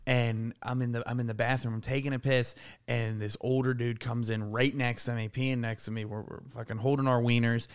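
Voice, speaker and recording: A man co-hosting a casual comedy podcast, telling a story with swearing and animated, panicky quoted lines. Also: medium pitch, a little fast, smooth. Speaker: podcast co-host.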